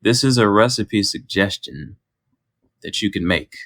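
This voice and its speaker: Low, lively man hosting a podcast. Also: measured pace, no room sound, studio quality. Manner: lively, playful segment host. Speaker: podcast co-host. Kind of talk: casual chat.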